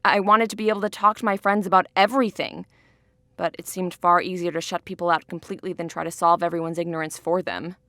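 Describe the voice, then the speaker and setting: A woman's voice: lowish voice, steady tone, quick pace, pushed and bright. Young woman playing sardonic teen girl Jojo. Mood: reflective. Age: young adult. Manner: sardonic, bitter. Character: angry, sarcastic teenage girl Jojo. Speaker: high school student. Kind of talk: film narration and scene acting.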